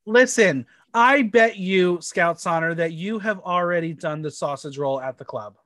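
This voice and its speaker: A man with a fairly high voice leads a casual podcast chat, stumbling through quick restarts as he talks. He is recorded close and dry, with almost no room sound. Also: fairly bright tone, no echo. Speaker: podcast co-host.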